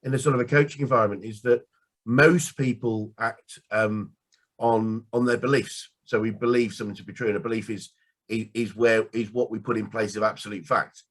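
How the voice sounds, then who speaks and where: A man's voice: fairly low pitch, steady tone, brisk. A man with a Northern English accent, a business coach asking questions and affirming his guest in hesitant phrasing. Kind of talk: interview questions.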